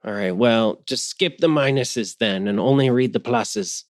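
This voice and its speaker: A man's voice: medium pitch, unhurried, no room sound, studio quality. A man playing in a tabletop game, trading wry, joking banter. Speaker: player. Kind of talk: casual chat at the gaming table.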